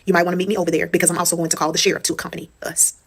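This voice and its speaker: A woman's voice: on the low side, flat delivery, very fast, vocal fry, husky. A woman telling a personal story in casual storytime style. She talks straight to her viewers, swears freely and repeats phrases for emphasis.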